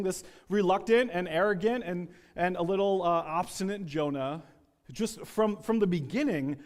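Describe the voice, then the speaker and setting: A man preaching a sermon, telling a story with acted-out quotes and some repeated words. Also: high voice. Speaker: pastor. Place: church sanctuary. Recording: long reverb of a church hall.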